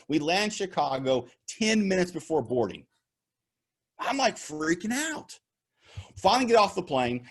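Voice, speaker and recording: Upbeat male keynote speaker on a video call, animated storyteller who laughs at his own jokes, bright, swinging delivery. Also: a little high. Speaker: motivational speaker. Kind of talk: virtual keynote talk with storytelling.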